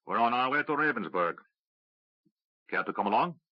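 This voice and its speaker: A man's voice: mid-range voice, expressive, moderate pace, no room sound, lightly acted. A man voicing a friendly, wry veteran soldier, easygoing and jokey, in a dry, slightly dull recording.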